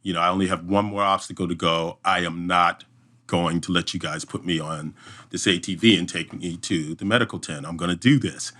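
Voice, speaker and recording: Bright-voiced man telling a lively story. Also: sits low, brisk. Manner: lively, hums sound effects, frequent restarts. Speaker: event emcee and podcast guest. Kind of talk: animated storytelling in conversation.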